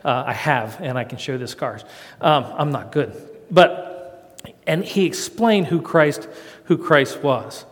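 A middle-aged man tells a folksy story from the stage of a big hall, and his long echo carries across the room. His voice sits a bit high for a man, and he pokes fun at himself as he goes. It comes across as a storytelling sermon for a live audience. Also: slow. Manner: folksy, self-mocking, animated storyteller. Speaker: speaker doing rope tricks for a church audience.

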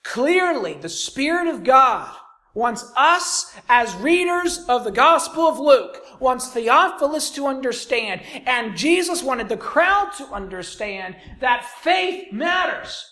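A preacher gives a sermon, his high voice swinging widely in pitch at a slow pace. He shifts between loud, emphatic lines and hushed, almost whispered ones, repeating key phrases for emphasis.

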